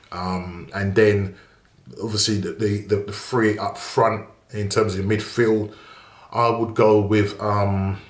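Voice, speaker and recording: A football channel host previews a casual match in a lowish voice, his words echoing around the room. He chats and rambles, full of fillers and frequent restarts.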